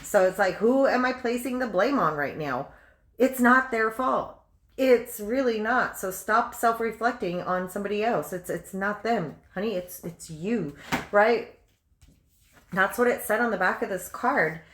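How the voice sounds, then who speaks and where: A woman's voice: a little high, unhurried, fairly bright tone, reverberant, a little hiss or hum. A woman giving a casual tarot reading at her table at home, chatty and blunt, firing off rhetorical questions and calling the listener honey. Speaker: tarot reader.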